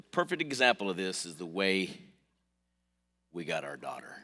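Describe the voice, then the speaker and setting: Male pastor, low voice, lively sermon delivery, reverberant sanctuary sound. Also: brisk. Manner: lively storytelling preacher with swings from quiet to loud. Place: church sanctuary. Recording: long hall reverb.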